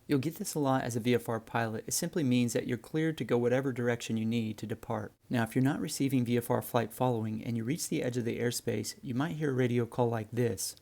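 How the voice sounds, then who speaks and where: A man teaching flying, explaining radio calls in a relaxed, friendly way to viewers. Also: mid-range voice, quick pace, creaky, few pauses. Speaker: flight instructor. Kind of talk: instructional narration.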